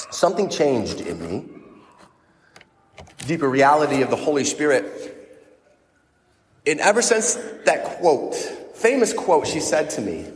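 A man's voice: on the high side, a little hiss or hum. A male priest giving a conversational sermon, with frequent restarts. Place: church. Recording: church with long reverb.

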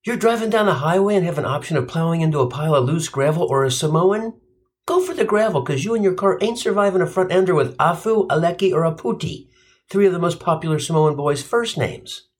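Sardonic, profane male comic, lively pitch. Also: brisk. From Cincinnati, USA. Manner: sardonic, profane, punchline-driven. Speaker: stand-up comedian. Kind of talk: comic monologue.

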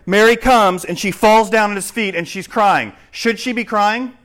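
A man preaching a sermon, swinging between loud, urgent questions and hushed explanation. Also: sits high, moderate pace. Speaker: pastor.

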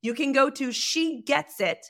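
A woman guest, a leadership coach, chatting in a lively way and laughing as she tells stories. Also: high-pitched, unhurried. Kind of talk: casual interview chat.

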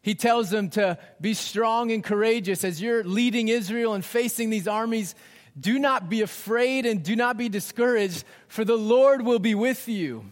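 A fairly high-pitched man in his thirties delivers a sermon, his voice ringing out with a long reverb in a large church space. He rises for emphasis, then sinks to soft, almost whispered phrases. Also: normal speed. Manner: dynamic, drops to hushed near-whispers for emphasis. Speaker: pastor.

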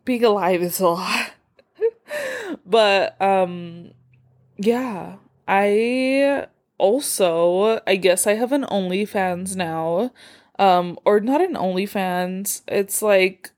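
A woman's voice: mid-range voice, sing-song, very slow, darkish tone. A young woman hosting a casual solo podcast, rambling with many fillers, self-deprecating, tired and a bit out of breath. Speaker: podcast host.

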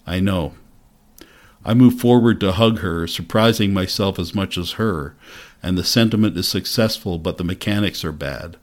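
A man giving measured, reflective first-person narration of a novel for an audiobook. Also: low-pitched.

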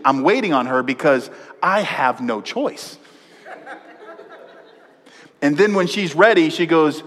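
A man preaching a sermon as pastor, animated, swinging from loud emphasis to hushed, quiet passages. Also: on the high side, moderate pace, pauses often. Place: church sanctuary. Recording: long hall reverb.

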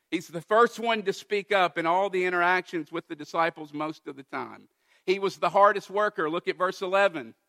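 A man preaching a sermon, retelling a Bible passage with lively, emphatic quoted dialogue. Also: high voice, moderate pace. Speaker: pastor.

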